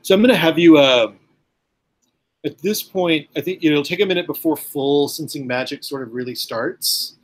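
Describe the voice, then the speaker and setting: Man, game master, tabletop game, rambling, filler-heavy, slightly high voice. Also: moderate pace. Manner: rambling, many ums and uhs.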